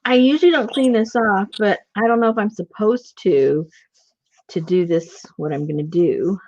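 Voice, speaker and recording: A woman's voice: mid-range voice, normal speed, a little mellow, muffled recording. A woman hosting a casual craft livestream, chatty and laughing often at her own mess.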